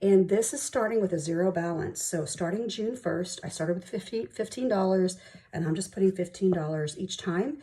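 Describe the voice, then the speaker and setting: A young woman vlogger, chatting excitedly as she counts cash at home. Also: lowish voice, normal speed. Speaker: budgeting vlogger. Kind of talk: casual chat while counting cash.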